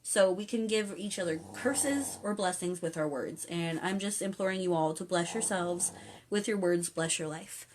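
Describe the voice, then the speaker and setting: A woman's voice: fairly low pitch, moderate pace, noisy background. A young woman hosting a casual spiritual live stream at home, chatting earnestly and reading viewers' comments aloud as she rambles along. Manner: earnest, coaxing encouragement. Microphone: phone or webcam on a live stream.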